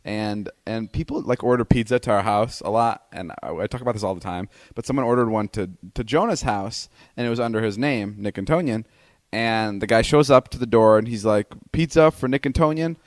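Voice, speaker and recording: A man's voice: on the low side, fairly quick, dry recording, studio quality. A man in his twenties co-hosting a podcast, telling a story casually with plenty of swearing and acting out what people said in raised voices. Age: 20s. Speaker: podcast co-host. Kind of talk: casual chat.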